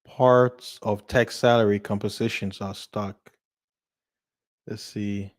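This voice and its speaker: A man's voice: fairly low pitch, fairly even intonation, takes it slowly, no room sound, clean studio sound. A man from Africa hosting a casual livestream, reading comments aloud, chatty, laughing often and repeating his words as he goes. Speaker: channel host.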